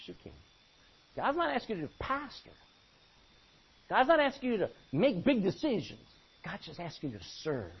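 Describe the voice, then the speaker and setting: A man's voice: very high-pitched, breathy edge, highs cut off. A man preaching a sermon in an emphatic way, repeating phrases and calling out for amens.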